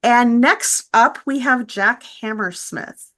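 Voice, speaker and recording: A woman's voice: a little high, slow pace, fairly bright tone. A woman hosting a virtual meet and greet, friendly as she introduces speakers and reads out class dates. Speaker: event host. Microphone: video call.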